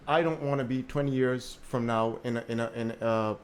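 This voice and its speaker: A man's voice: mid-range voice, steady tone, a little fast. A man from Jamaica speaking as a panelist in a panel discussion, telling a story with energy and repeating words while he searches for them.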